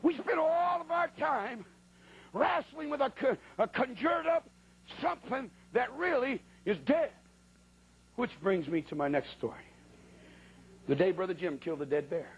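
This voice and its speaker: A man's voice: extremely high pitch, unhurried, husky, lo-fi sound. A man preaching in a church, telling a folksy, colloquial story as part of a sermon. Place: church at a pulpit.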